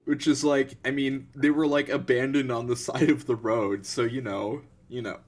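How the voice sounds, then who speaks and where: Young male co-host, loose halting chat, laughs a lot, average pitch. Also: flat delivery. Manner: giggly, halting, lots of likes and ums. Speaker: podcast co-host. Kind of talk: casual chat.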